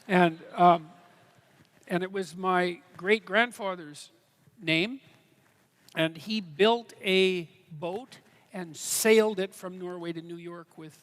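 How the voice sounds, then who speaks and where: A man answering questions on stage at a live event, earnest and halting, with many restarts. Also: high-pitched, a bit bright. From Canada. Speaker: guest speaker. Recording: reverberant hall.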